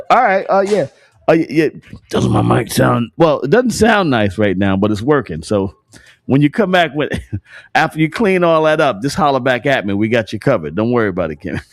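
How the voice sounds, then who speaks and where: A man's voice: mid-range voice, sing-song, normal speed. Joking guy hosting a morning stream, cusses, laughs a lot, voice all over the place. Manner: joking, laughs often, profane slang. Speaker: host. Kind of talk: casual livestream chat.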